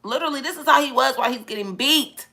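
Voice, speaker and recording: A woman in a casual vlog, talking emphatically about faith in an animated, preachy way. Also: high voice, fast talker. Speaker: vlogger.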